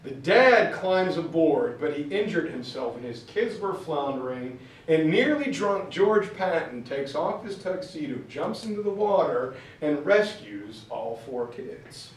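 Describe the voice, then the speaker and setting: A man teaching a history class, telling the story in a casual, chatty, animated way. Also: a little high, measured pace. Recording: very echoey room, far from mic.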